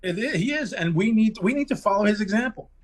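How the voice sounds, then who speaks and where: Man, higher voice, hyped jokey plug, mock-preachy urging, casual podcast. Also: lively intonation, fast talker, a crowd in the background. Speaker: podcast co-host.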